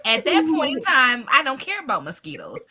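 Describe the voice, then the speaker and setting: A woman hosting a livestream, telling stories in casual chat, acting out quotes and ending with a warm blessing. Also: high-pitched, fairly quick, a crowd in the background. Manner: animated, acts out quotes, breaks into laughter; warm blessing-style sign-off. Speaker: livestream host. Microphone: streaming setup.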